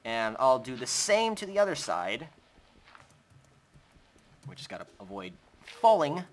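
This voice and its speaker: A man's voice: medium pitch, big pitch swings, measured pace, a little hiss or hum. A young man hosting a Minecraft let's play, chatting casually as he builds and talking to his in-game pet. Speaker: gaming channel host.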